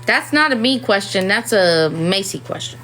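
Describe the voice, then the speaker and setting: A woman's voice: mid-range voice, lively intonation, moderate pace, fairly bright tone, low-quality recording. A woman, a mother of four, talking candidly and ramblingly in a casual personal talk to camera. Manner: candid and rambling, many "you know"s.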